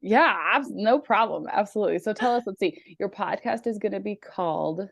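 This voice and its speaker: A woman's voice: mid-range voice, animated, brisk, vocal fry, no room sound. A woman hosting her own podcast, chatting in an upbeat, gushing way with lots of "like"s. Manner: upbeat, gushing, filler-heavy with many "like"s. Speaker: podcast host. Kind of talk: casual interview chat.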